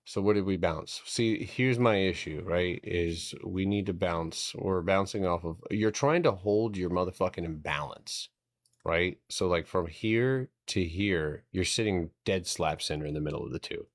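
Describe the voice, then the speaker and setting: On a live stream, a man with a deep, low voice walks through stock charts at a measured pace, thinking aloud, swearing casually and joking between setups. The recording is dry and close, like a desk mic with no room sound.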